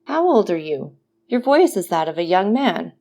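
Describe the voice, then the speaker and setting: A woman's voice: lowish voice, big pitch swings, vocal fry, a little mellow. Woman reading as a guarded old prisoner. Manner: guarded, measured. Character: cautious old male prisoner, hidden voice.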